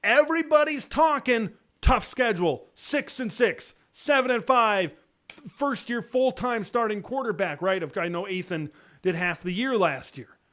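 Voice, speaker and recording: A man hosting a live college football talk show, chatting casually and excitably, with lots of fillers and sudden jumps up in pitch on rhetorical questions. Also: measured pace. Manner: conversational with frequent fillers and restarts. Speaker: sports talk host.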